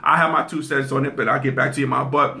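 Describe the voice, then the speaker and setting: A man's voice: mid-range voice, steady tone, fast, gravelly, pushed and bright. A man hosting a casual commentary show, talking straight to his audience, repeating points and checking in with "okay?". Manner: repeats phrases for emphasis. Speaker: host.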